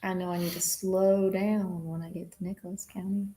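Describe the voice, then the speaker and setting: A woman's voice: fairly low pitch, little pitch movement, normal speed, dark tone. Young woman anchor, loose and giggly, rambling chatter between segments. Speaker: news anchor. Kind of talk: casual off-air banter.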